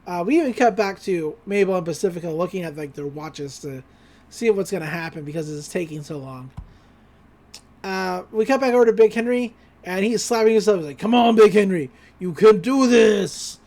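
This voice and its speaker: In a laid-back podcast conversation, a co-host goes over a cartoon episode, briefly voicing characters while recounting scenes. Their voice is mid-range and mellow.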